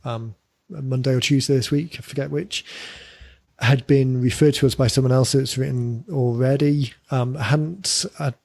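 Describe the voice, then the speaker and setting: A man's voice: mid-range voice, fairly even intonation, moderate pace, vocal fry, a little mellow, no echo. A man co-hosting a podcast, talking casually and thinking aloud with fillers and repeated words. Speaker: podcast co-host.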